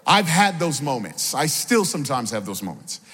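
A man's voice: fairly high pitch, sing-song, normal speed, fairly bright tone, slightly rough, big-room sound. A man preaching a sermon as pastor, calling out to the congregation for responses and building in energy as he goes. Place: church sanctuary.

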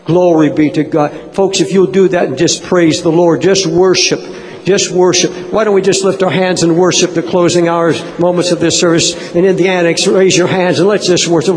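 A man's voice: sits high, fairly even intonation, normal speed. A man preaching an altar call and praying fervently in a church, earnest and urging. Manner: earnest, fervent, rising to loud praise. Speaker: pastor. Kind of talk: sermon altar call and prayer. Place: church sanctuary. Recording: long reverb of a church hall.

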